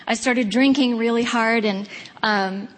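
A woman in her fifties delivers a personal testimony speech, candid and earnest, with now and then a wry aside. Her voice sits a little high. The sound carries a long reverb from a large hall. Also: unhurried. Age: 50s. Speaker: speaker giving a personal testimony.

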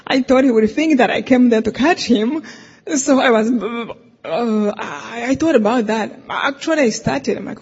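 A speaker telling a personal story in a talk, animated, acting out conversations, with non-native English phrasing. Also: mid-range voice, slow, breathy edge. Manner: animated, quotes conversations, laughs often. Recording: dull lo-fi sound with long hall reverb.

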